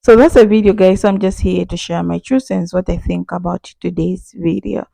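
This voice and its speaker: Gravelly woman host giving commentary. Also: fairly low pitch, steady tone, brisk, warm tone, a little hiss or hum. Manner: direct, opinionated address to viewers. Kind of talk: reaction commentary.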